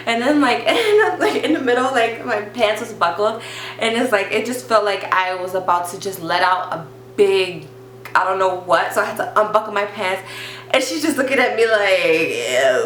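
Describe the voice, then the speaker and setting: Animated young woman telling a story. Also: on the high side, normal speed. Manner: animated, acts out voices of teacher, nurse and mom. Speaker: vlogger. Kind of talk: casual storytime. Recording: echoey room with faint hum.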